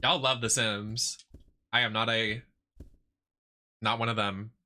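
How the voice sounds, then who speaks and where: A man's voice: lowish voice, fairly even intonation, takes it slowly, pushed and bright. A man chatting casually with his live-stream viewers, teasing and swearing as he talks back to the chat.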